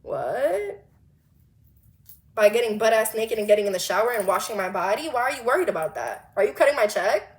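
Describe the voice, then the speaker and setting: 20 yr old girl venting a storytime, blunt and swears a lot, voice a bit high. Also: quick pace. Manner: animated, blunt and profane, with rhetorical questions. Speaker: vlogger. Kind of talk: storytime monologue.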